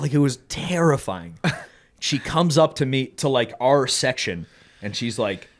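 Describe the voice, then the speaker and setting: A man telling a story on a podcast in a casual, profane, animated way, often laughing as he talks. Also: mid-range voice, moderate pace. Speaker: podcast co-host.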